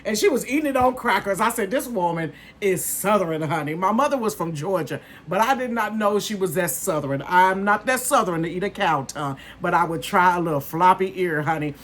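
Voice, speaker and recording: A woman in her fifties chatting casually to her viewers as a vlogger, calling them "honey" and "you guys" and bursting into excitement. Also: lowish voice, a little fast, hardly any pauses. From northern United States. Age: 50s.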